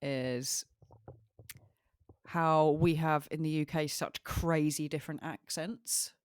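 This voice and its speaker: A woman with a Southern English accent, co-hosting a casual podcast chat, playful and quick to laugh. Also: low voice, fairly even intonation, clear, resonant tone, no echo, clean studio sound. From England. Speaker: podcast co-host.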